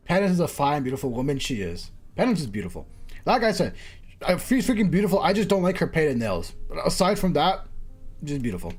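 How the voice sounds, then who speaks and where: A man's voice: on the high side, wildly swooping pitch, a little fast, slightly rough, faint music behind. A man streaming a game, joking with chat and stumbling over words.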